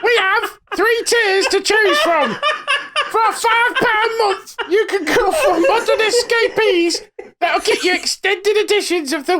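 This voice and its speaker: A man putting on a squeaky, giggling voice to read a membership plug, laughing through the words. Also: noisy background.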